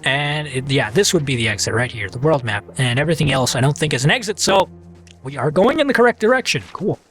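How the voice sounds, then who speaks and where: A man's voice: medium pitch, expressive, fast, fairly bright tone, faint music behind. A man hosting a let's play, chatting casually and playfully while he reads the game aloud. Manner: chatty, playful, self-mocking.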